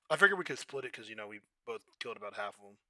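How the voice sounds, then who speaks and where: Young male streamer, bright and lively delivery, dry close sound, quick loud reactions. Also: lowish voice, no room sound. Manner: chatty, reacts loudly to the game, clears throat often. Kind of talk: casual gameplay commentary.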